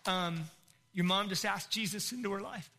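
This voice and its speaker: A man's voice: high voice, normal speed, heavy background noise. A middle-aged man, a pastor, telling an emotional personal testimony in a sermon, breaking into laughs and near tears. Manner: emotional, tearful storytelling with laughs.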